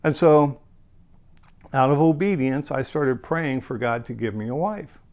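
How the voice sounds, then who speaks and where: A man's voice: medium pitch, unhurried, darkish tone. A middle-aged man sharing a personal Christian testimony, earnest and emotional, with touches of self-deprecating humor.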